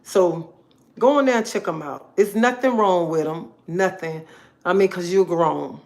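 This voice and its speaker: A woman's voice: lowish voice, a little slow, darkish tone. A woman talking casually to her viewers on a live stream, chatty and emphatic, repeating herself often. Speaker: livestream host.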